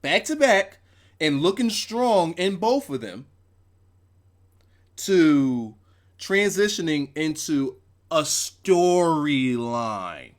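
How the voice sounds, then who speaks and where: A young man talks through a wrestling show on a casual livestream, his voice sitting a bit high and swinging widely up and down. He swears freely and repeats phrases to hammer home his points. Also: extremely slow, long pauses. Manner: animated, profane, emphatic repetitions. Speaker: wrestling show reviewer, host.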